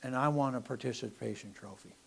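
A middle-aged man preaching a sermon, animated, swinging from loud emphasis to soft asides. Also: mid-range voice, brisk, vocal fry, breathy edge. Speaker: pastor.

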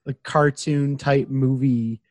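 Dude rambling with lots of likes, dry close sound. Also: male voice, medium pitch, fairly even intonation, slow, darkish tone, no echo. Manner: rambling, filler-heavy. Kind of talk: casual chat.

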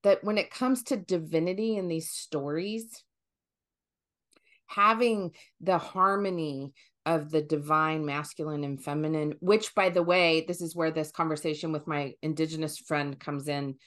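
A woman hosting a conversational podcast, talking in an animated way and thinking aloud with fillers and restarts. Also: low voice, measured pace. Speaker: podcast host.

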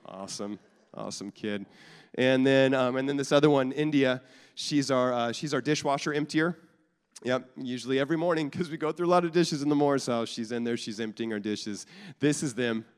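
Pastor, thirties, male, chatty sermon with restarts and jokes, mid-pitched voice, long reverb of a church hall. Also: fairly quick, smooth. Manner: conversational, jokey, repeats and restarts often. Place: church sanctuary.

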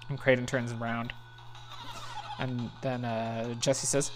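A woman's voice: rumbling low, level tone, slow pace, pauses often, soft background music. A woman narrating a game playthrough in a casual, chatty way, reading the dialogue aloud.

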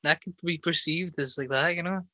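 Bright-voiced easygoing podcast host. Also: male voice, fairly high pitch, fairly quick, no room sound. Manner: easygoing, brief replies and pushback. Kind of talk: casual chat.

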